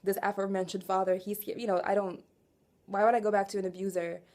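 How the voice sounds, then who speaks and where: A woman in her twenties venting in an emotional confessional rant, raw and profane, swinging from quiet weariness to loud exasperation and asking again and again whether you follow her. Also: mid-range voice, flat delivery, fast. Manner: raw, profane, keeps asking "do you know what I'm saying". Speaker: vlogger.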